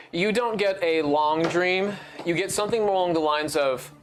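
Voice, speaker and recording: A man running a tabletop game as dungeon master, talking casually with lots of fillers and restarts. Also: high voice.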